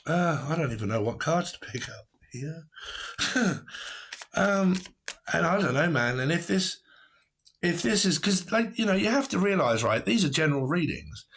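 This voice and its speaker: A man's voice: fairly high pitch, sing-song, moderate pace, fairly bright tone, husky. A man giving a casual tarot reading to camera, blunt and rambling, who swears and laughs often. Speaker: tarot reader.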